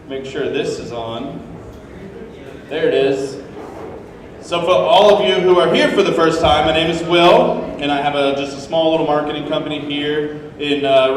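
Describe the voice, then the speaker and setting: A man hosting a live event, giving upbeat, joking welcome remarks and house rules to an audience. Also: mid-range voice. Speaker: event host. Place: large open ground-floor hall. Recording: echoey hall, mic far off, faint room noise.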